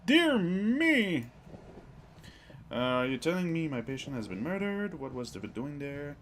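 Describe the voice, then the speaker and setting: A fretful male doctor in a Victorian horror game, voice pitched up and pressing with worried questions, as a man puts him on. His pitch swings widely, and faint noise hums behind him. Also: sing-song, a little slow, fairly bright tone. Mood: anxious.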